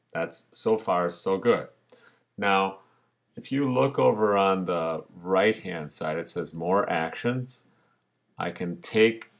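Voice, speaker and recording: A low-voiced man teaches over a screen recording, narrating each click as he goes. He talks slowly and casually, the way a teacher explains a task to his class. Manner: relaxed, talks through each step as he clicks.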